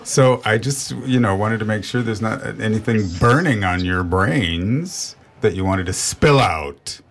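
A man's voice: lowish voice, a little slow, a little hiss or hum. A man hosting a radio show, dryly steering the chat toward its close.

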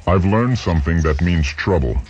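A man's voice: low-pitched, expressive, normal speed, a little mellow, slight background noise. A man voicing an anxious young male engineer who speaks urgently, in a dull lo-fi recording. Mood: uneasy. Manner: urgent, worried.

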